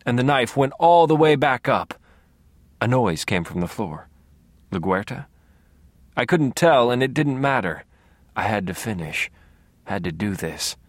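A man narrating an audiobook in the first person, in a low-key, measured way, close to the mic. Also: big pitch swings, no room sound.

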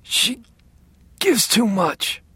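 A man voicing a dying older man in pain, speaking in a weak, hoarse whisper. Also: medium pitch, expressive, very slow, a bit bright, no room sound, exaggerated voice. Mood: weak, strained. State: in pain, gasping.

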